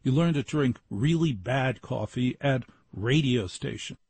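A man's voice: mid-range voice, a little slow, darkish tone, slightly rough, no room sound. An older man hosting a show, telling wry personal stories in a conversational way and acting out the voices of the people in them. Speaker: show host. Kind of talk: storytelling monologue.

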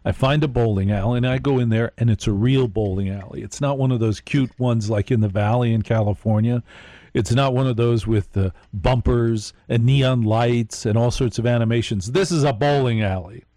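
A man's voice: mid-range voice, normal speed, dark tone, no room sound. A man hosting a live late-night radio show, telling a rambling story and speaking straight to his listeners.

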